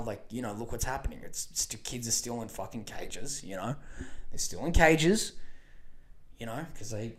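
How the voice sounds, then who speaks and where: A man hosting a podcast, giving casual political commentary in a rambling, profane rant full of fillers and restarts. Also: medium pitch. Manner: profane, rambling, animated rants with many fillers. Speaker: podcast host.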